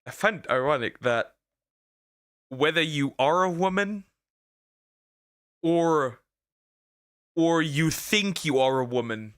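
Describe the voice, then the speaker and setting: Man, vtuber reaction commentary, slow-talking, bright tone, blunt and mocking, stammers and repeats. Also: fairly high pitch, clean tone.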